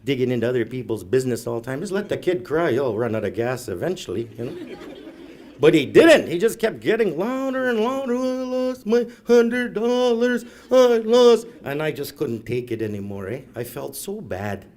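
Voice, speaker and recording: A man's voice: mid-range voice, big pitch swings, fairly quick, darkish tone. A middle-aged man doing stand-up storytelling, rambling and self-mocking, tagging "eh" onto his lines. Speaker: comedian. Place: live event room.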